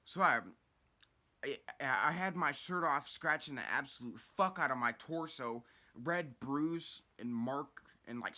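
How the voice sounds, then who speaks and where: Young man, mid-pitched, casual storytime vlogger; loose, rambling, profane delivery with frequent restarts. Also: pushed and bright. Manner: rambling, heavy swearing, restarts.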